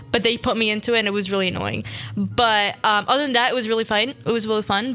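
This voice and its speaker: A young Syrian woman with a fairly high, sharp-toned voice hosts a radio show, chatting through stories from her school days. Her casual storytelling monologue is full of quick asides and quoted voices.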